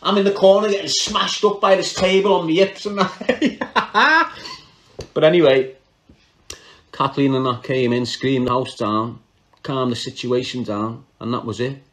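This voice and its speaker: A man's voice: mid-range voice, a little slow, fairly bright tone. A man with a Liverpool accent telling a crime story in casual, slangy talk, laughing often and breaking off mid-sentence. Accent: Liverpool (Scouse). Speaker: podcast storyteller.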